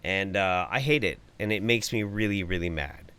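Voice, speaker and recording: A man's voice: low voice, normal speed, few pauses, sharp tone, clear, resonant tone. A man hosting a reaction stream, ranting with sarcasm and heavy swearing at a clip he is playing. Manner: angry, sarcastic, swearing, then apologetic. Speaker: host reacting to clips. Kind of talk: profane ranting commentary.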